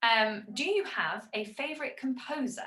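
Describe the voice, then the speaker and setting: A woman hosting a chatty video podcast, with a bright, forceful voice that rings out in a roomy, echoey space. She sounds upbeat and promotional as she talks to her audience and guest. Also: a little high, lively intonation, normal speed. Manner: upbeat, plugs her subscription club. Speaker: podcast host. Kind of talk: casual video podcast chat. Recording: echoey room.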